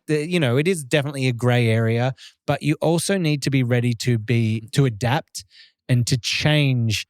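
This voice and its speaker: Man, podcast co-host, upbeat and teasing, casual chat, mid pitch, dry. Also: darkish tone, no echo. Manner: upbeat, teasing, quick to laugh.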